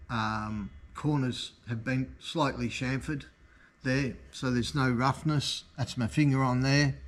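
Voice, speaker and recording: A man hosting a casual product showcase vlog for his motorcycle parts shop, enthusiastic and easygoing. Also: on the high side. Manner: enthusiastic, easygoing, talks like a salesman.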